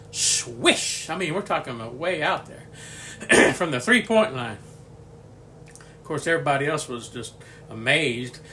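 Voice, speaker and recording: A man's voice: fairly high pitch, fairly bright tone, a little hiss or hum. A man in his sixties hosting a home cooking video from his kitchen, a folksy, rambling storyteller who chuckles often. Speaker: home cooking channel host. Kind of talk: casual cooking video chat.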